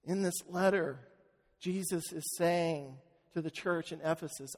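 A man preaching a sermon as pastor, telling a story earnestly and slowing down for emphasis. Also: a little high, a little mellow. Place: church sanctuary. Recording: long church-hall reverb.

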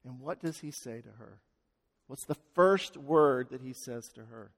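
A man of medium pitch gives a sermon in a large hall. His storytelling is dramatic, shifting from loud and fast to hushed and slow.

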